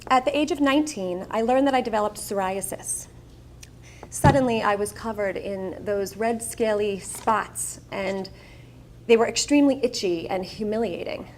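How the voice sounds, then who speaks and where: A middle-aged woman with a Long Island, New York accent speaks to an audience in an event room as a charity breakfast guest, telling personal stories candidly and mocking herself with wry asides. She has a medium pitch and moderate pace, with slight background noise.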